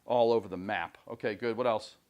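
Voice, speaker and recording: A man teaching a high school English class, chatty and full of questions to the students. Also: fairly even intonation, fairly quick, a little mellow, lo-fi sound. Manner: chatty, questioning, frequent "right?". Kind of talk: classroom lecture and discussion.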